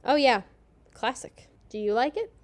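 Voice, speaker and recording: A woman's voice: on the high side, normal speed. A woman co-hosting a podcast, giving a sarcastic, joking recap of a TV episode. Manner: sarcastic, snarky commentary. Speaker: podcast co-host.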